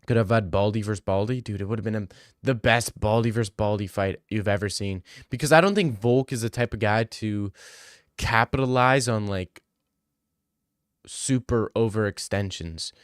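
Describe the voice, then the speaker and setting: A man's voice: fairly low pitch, moderate pace, smooth, no echo, clean studio sound. Slangy young man hosting a livestream. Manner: slangy, joking, reads chat questions aloud then riffs. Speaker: livestream host answering chat. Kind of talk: casual livestream chat.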